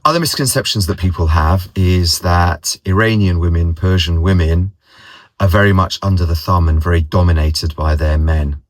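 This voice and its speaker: Casual vlogger: man, very low voice, dry close sound, rambling anecdotes. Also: normal speed, no room sound. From London, England. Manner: rambling, repeats words, mimics others' voices in anecdotes. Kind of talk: casual personal storytelling.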